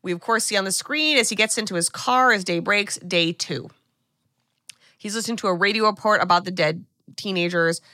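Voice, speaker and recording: A woman co-hosts a podcast, walking through a movie's plot in loose, animated chat packed with fillers and side remarks. Her voice is bright and forward, recorded close and dry with no room around it. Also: medium pitch, a little fast, no room sound. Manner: chatty, animated, many fillers and asides. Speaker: podcast co-host. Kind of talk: casual film recap chat.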